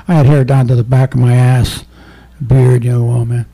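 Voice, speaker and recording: A former undercover narcotics officer turned poet, giving a rambling, profane poetry reading full of stories. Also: male voice, mid-range voice, flat delivery, moderate pace, creaky, dark tone. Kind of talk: live poetry reading with storytelling.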